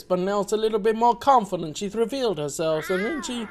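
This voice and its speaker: Animated chatty male game streamer. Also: high voice, quick pace. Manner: chatty, animated, laughs often. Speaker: let's play host. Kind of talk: casual game commentary. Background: music.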